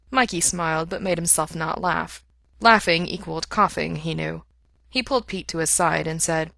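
A woman calmly reading a story aloud, doing all the voices. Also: sits low, moderate pace, gravelly, no echo, clean studio sound. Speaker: reader. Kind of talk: audiobook narration of fan fiction.

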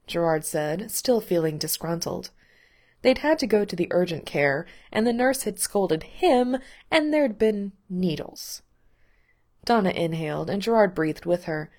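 A woman narrating fiction aloud in a calm, measured, unhurried way. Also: on the low side.

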